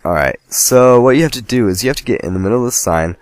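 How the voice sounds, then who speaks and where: A man's voice: medium pitch, expressive, fast talker, no echo, soft background music. A man casually commenting on a game as he plays, rambling and joking at himself. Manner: rambling, joking, self-deprecating. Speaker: let's play host.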